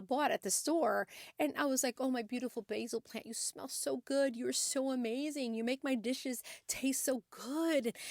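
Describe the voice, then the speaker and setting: A middle-aged woman hosts a podcast, speaking casually and earnestly to motivate her listeners and often restarting her sentences. Her voice is on the high side, recorded with studio quality and no echo.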